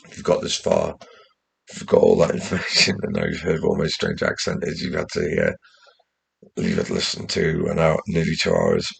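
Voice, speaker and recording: A man's voice: very deep voice, moderate pace, gravelly, breathy edge. A young man with a blend of West Midlands, Geordie and posh English accents, talking to his channel in a rambling, sweary, anxious way. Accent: mixed West Midlands, Geordie and posh English. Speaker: channel host. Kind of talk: casual vlog monologue.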